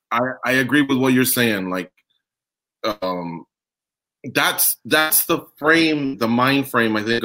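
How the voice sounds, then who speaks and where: A man hosting a casual sports talk show, animated and rambling, asking his co-host questions. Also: fairly low pitch.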